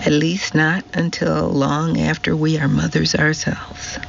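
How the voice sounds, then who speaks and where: A male audiobook narrator voicing a gentle older woman who speaks quietly and measuredly. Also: on the high side, flat delivery, measured pace, gravelly, muffled recording, a little hiss or hum. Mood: wry.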